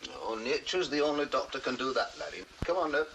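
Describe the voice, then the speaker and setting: An actor playing a stern, embittered middle-aged country vet, curt and dismissive, in 1960s film acting. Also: male voice, fairly high pitch, lively intonation, brisk, gravelly, a bit bright, a little hiss or hum, low-quality recording. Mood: brusque. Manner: brusque, dismissive. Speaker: veterinarian.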